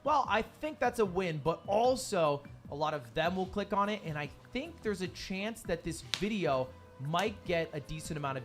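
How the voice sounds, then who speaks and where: Energetic guy narrating his vlog, slightly high voice, confident, faint music behind. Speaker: YouTuber explaining his channel challenge. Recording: played clip under a livestream.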